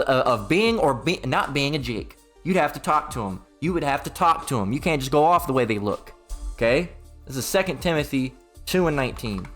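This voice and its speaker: Male, higher register, casual profane rant on faith, blunt and mocking. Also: fairly bright tone. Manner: blunt, profane and mocking, with frequent "all right?" tags. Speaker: religious commentator.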